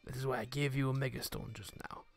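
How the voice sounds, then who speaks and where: A man's voice: medium pitch, flat delivery, fast, vocal fry. A man reading as a jokey Pokemon professor. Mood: mock-solemn. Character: male Pokemon professor giving trainers a speech. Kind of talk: reading game dialogue aloud in a let's-play.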